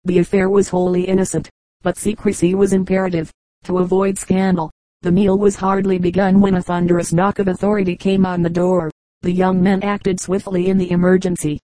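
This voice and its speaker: A woman reading a book of humorous anecdotes aloud as an audiobook narrator, in a measured, even storytelling delivery. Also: lowish voice, dry recording, poor audio. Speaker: audiobook reader. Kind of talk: scripted narration.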